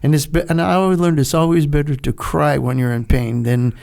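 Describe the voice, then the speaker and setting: An older man in his seventies tells stories as a podcast guest. He is animated, chuckling between lines and acting out the people he quotes. His voice sits a little high and has a gravelly rasp. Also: fairly quick. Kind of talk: casual storytelling.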